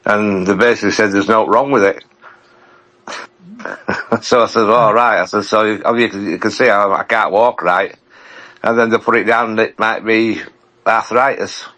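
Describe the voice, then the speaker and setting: A man, a podcast regular, talking plainly in halting casual chat with many restarts. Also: on the low side, fairly even intonation, bright, forceful tone. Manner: plain-spoken, halting, repeats himself.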